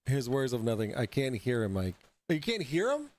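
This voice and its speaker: A man hosting a casual livestream, drunk and high, rambling and halting over fillers as he talks. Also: huge pitch swings, background noise. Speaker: host.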